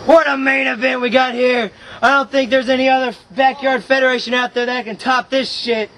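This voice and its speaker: Male wrestling commentator, hyped play-by-play, lots of shouted exclamations, high and sharp. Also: fairly even intonation, a little fast.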